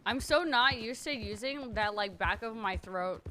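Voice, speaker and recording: A woman's voice: a little high, moderate pace, sharp tone, slight background noise. A woman streamer chatting casually while setting up a role-play character, frank, self-mocking and swearing freely.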